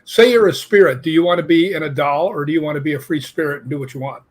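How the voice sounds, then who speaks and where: Older man, husky, fairly high voice, casual guest telling rambling anecdotes. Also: fast. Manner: rambling anecdotes with asides, quotes his own questions. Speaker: guest ghost hunter. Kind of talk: casual interview storytelling.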